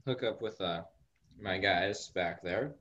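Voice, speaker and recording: A man voicing a worn-down male resistance fighter in a tabletop game, speaking haltingly with many pauses. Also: low voice, a bit bright. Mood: weary. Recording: muffled call audio with faint noise.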